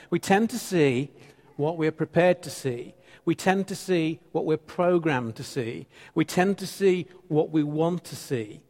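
Fifties male pastor, echoing church hall. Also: fairly high pitch. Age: 50s. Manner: playful, teasing with the congregation, repeats phrases for emphasis. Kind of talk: sermon.

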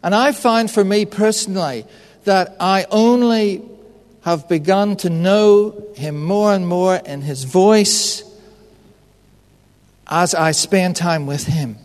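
High-voiced pastor guy preaching slowly, earnest, echoey hall. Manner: earnest, storytelling, personal. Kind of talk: sermon.

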